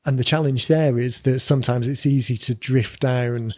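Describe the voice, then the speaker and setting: A man's voice: medium pitch, steady tone, moderate pace, a little mellow, no room sound. A man co-hosting a podcast, talking casually and thinking aloud with fillers and repeated words. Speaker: podcast co-host.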